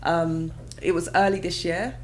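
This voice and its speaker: A British woman, a mother, telling her own story in a casual interview, lively and expressive, often acting out her past reactions. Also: fairly low pitch, unhurried. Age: adult with children. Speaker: guest.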